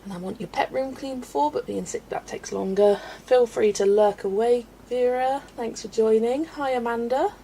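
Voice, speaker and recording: A woman's voice: fairly high pitch, moderate pace, few pauses, warm tone, slight background noise. A woman hosting a casual livestream, chatty and laughing often as she greets viewers by name, a little out of breath. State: slightly out of breath. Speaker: livestream host.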